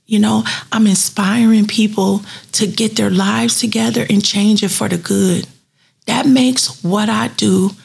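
A street cleaning supervisor in her fifties tells earnest, heartfelt stories from her work during a personal profile interview, bringing retold dialogue to life. Her voice is mid-range, creaky, and slightly rough.

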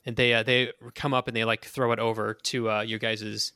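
Guy running a tabletop game, rambly and casual, bright punchy voice, dry mic. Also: on the low side, level tone, fairly quick, clean tone, no room sound. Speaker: game master.

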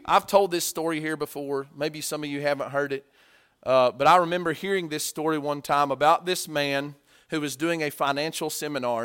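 A male preacher delivering a sermon, swinging from hushed asides to loud, acted-out story lines. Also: fairly high pitch, smooth.

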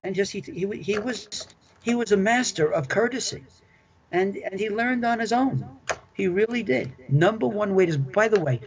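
In this dull lo-fi recording, a former club manager, now older, speaks in a high, animated voice at a moderate pace. He reminisces eagerly and talkatively about his working life as an interview guest, often going over the same ground.

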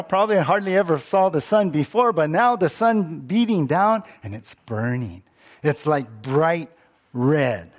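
A male pastor preaching in a relaxed, conversational sermon. He talks slowly and keeps checking in with his listeners with quick questions. His voice sits a little high for a man. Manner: conversational, repeats words, asks listeners questions.

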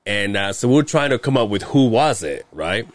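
A man's voice: on the low side, very animated, normal speed, no room sound. A man co-hosting a podcast in casual chat, telling rambling work stories, swearing often and laughing. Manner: rambling storyteller, swears a lot, frequent fillers and laughs. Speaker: podcast co-host; heavy equipment operator.

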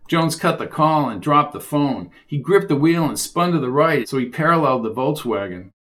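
A man reading a crime thriller audiobook with steady, driving storytelling. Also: on the high side, moderate pace. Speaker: audiobook narrator. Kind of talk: scripted thriller narration.

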